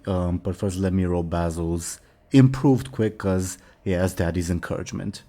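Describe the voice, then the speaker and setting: A man running a tabletop role-playing game as game master, talking in a relaxed way with hesitant fillers. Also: low voice, a little slow.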